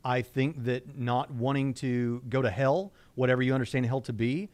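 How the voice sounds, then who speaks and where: A man's voice: medium pitch, normal speed, darkish tone, dry recording. Man, dry close sound. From Southwest Indiana. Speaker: co-host. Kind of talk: casual discussion.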